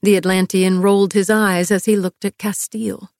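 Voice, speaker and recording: A woman narrating an audiobook in a measured, expressive storytelling voice. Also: mid-range voice, no echo, clean studio sound.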